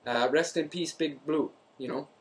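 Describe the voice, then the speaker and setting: A man's voice: fairly high pitch, normal speed, pitched below the performer's own voice, lightly acted. A man playing a chatty Minnesotan sports fan as a guest commentator, folksy and rambling, with a Minnesotan accent, in a comedic character bit. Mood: rueful. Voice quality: folksy, rambling, drops local sayings.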